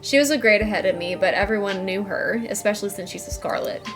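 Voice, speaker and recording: A woman's voice: mid-range voice, fast, faint music behind, lightly acted. A woman playing a wry, dry-humored townswoman in a game. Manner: dry, teasing. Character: wry woman, town local with a dog.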